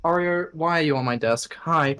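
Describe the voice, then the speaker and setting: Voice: mid-range voice, moderate pace, a crowd in the background. A young person from Australia, co-hosting a podcast in dry, teasing banter. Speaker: podcast co-host. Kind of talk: casual chat.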